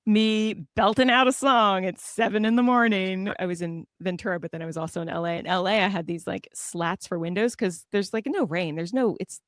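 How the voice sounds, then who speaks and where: A woman from Southern California, a guest on a podcast, telling lively self-deprecating stories and laughing often. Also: mid-range voice, a little fast, few pauses, no room sound, clean studio sound. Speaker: guest author. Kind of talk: casual conversational storytelling.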